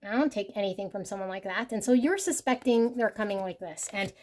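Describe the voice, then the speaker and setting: A woman's voice: medium pitch, brisk, darkish tone. A woman giving a casual pick-a-card tarot reading, rambling and full of filler words, sometimes laughing and swearing. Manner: rambling, with lots of "like" and "you know". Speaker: tarot reader.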